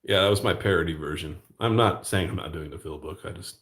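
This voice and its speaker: A man's voice: sits low, fast, a bit bright. A man hosting his own channel, chatting casually and jokingly while he draws. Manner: rambling, jokey, self-mocking. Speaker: channel host. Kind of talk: casual chat while drawing.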